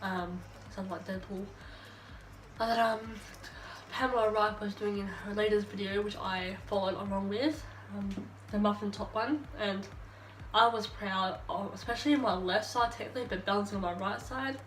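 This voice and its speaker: A young Australian woman, tipsy and rambling, talks to herself while getting ready in her bedroom beneath a ring light, as a beauty vlogger. Her mid-range, fairly bright voice moves at normal speed, and the phone camera held off at a distance catches a roomy sound with a little hiss or hum.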